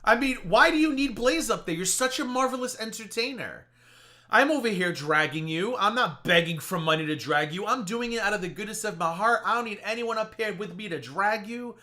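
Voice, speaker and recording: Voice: medium pitch, expressive, a little fast, pushed and bright. A reaction streamer mocking another streamer in casual live commentary, swearing freely and slipping into mock-weepy impressions.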